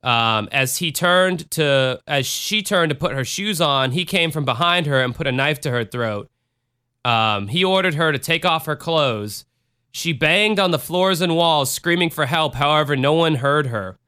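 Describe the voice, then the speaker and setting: A man's voice: a little high, lively intonation, measured pace, pushed and bright, clear, resonant tone. An American man hosting a casual true-crime podcast, retelling a case with chatty asides. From United States. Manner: chatty, retells cases with asides and bad impressions. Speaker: podcast host.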